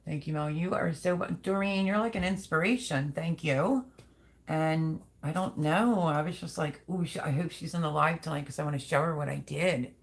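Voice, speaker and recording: A woman's voice: low-pitched, normal speed, gravelly. A middle-aged woman hosting a casual livestream, chatting and reading out viewer comments in a rambling, talkative way. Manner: chatty, rambling, thinks aloud.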